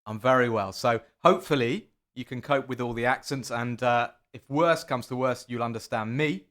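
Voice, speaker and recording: A man hosting a football podcast in a casual, chatty way, often pausing on fillers and restarting his sentences. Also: medium pitch, fairly bright tone. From England. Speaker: podcast host.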